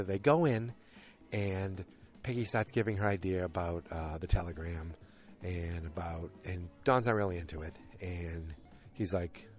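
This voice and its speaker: A man's voice: low-pitched, fairly even intonation, measured pace, soft background music. A man hosting a podcast, casually recapping an episode in a rambling, self-deprecating way with many fillers. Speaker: podcast host.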